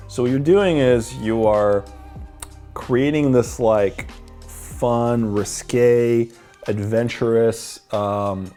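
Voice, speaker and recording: A man's voice: fairly low pitch, dark tone. A man explaining techniques in a confident, blunt instructional voice-over, swearing casually. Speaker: dating coach.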